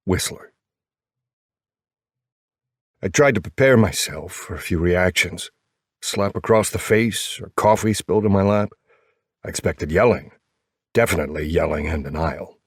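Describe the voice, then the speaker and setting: A man narrating a first-person romance audiobook in a steady, intimate way. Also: low-pitched, breathy edge, no echo, studio quality.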